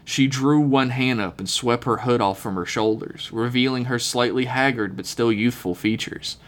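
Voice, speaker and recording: A man reads his own story aloud for his podcast co-hosts, in an easy, mid-pitched voice. He lets the eerie descriptions stretch out slowly. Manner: relaxed reading, slowing for eerie details.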